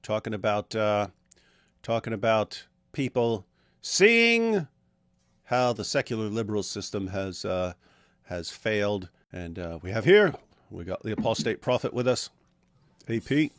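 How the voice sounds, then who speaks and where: A man's voice: on the low side, lively intonation, unhurried, no room sound, studio quality. A man hosting a casual livestream, reading out viewer comments in a jokey manner. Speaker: livestream host.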